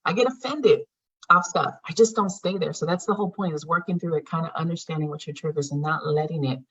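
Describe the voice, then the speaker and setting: A woman's voice: low-pitched, fast talker, fairly bright tone, breathy edge. A woman teaching a healing class in a casual, blunt way, swearing often and talking straight to her students. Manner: blunt, frequent swearing, conversational. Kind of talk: casual spoken lesson. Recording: dull lo-fi sound.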